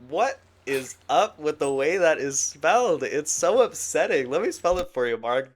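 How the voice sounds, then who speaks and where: A young adult man co-hosting a podcast in casual chat, animated and giggly, full of jokey rants. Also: on the high side, moderate pace, few pauses. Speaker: podcast co-host.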